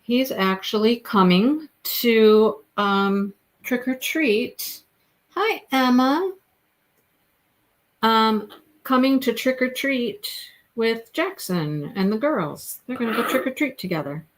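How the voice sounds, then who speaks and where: A woman's voice: a little high, slow pace. A middle-aged woman hosting a crochet livestream, chatting in a rambling way and laughing often as she works. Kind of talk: casual livestream chat while crocheting. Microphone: phone.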